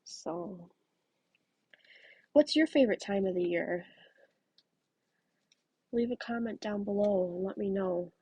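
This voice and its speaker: A woman chatting casually at home while she crochets, telling rambling stories and dropping into soft asides. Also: mid-range voice, slow pace, pauses often, breathy edge, no echo. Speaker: crafting vlogger. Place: home craft room.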